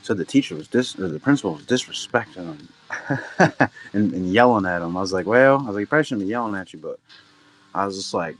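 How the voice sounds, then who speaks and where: A man's voice: fairly low pitch, expressive, quick pace, soft background music. A middle-aged man hosting a live card-break stream, chatting loosely and humming little filler sounds between remarks. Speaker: livestream card-break host. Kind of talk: casual live-stream chat.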